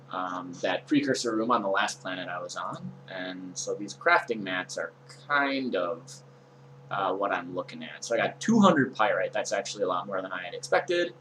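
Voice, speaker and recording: A young man streaming a game, talking through his inventory in a relaxed, meandering way with frequent ums and uhs. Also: low voice, measured pace, slight background noise, low-quality recording. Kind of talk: casual let's-play commentary.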